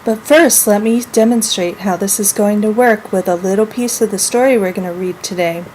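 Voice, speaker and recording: A woman teaching a lesson to young children, speaking clearly and acting out example sentences with lively expression. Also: mid-range voice, moderate pace, hardly any pauses, a little hiss or hum, rough recording. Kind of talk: model classroom minilesson.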